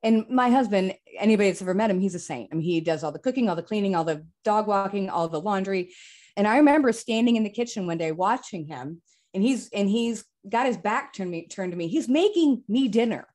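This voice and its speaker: A woman hosts a conversational podcast in an ordinary mid-range voice. She speaks frankly and tells animated personal stories. Her delivery is casual and unscripted. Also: medium pitch, fairly quick. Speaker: podcast host.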